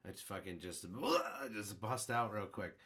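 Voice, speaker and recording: A young man co-hosting a casual podcast, rambling through joking stories and quiz questions. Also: unhurried. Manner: rambling, joking storyteller with lively swings in pitch. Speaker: podcast co-host. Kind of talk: casual chat.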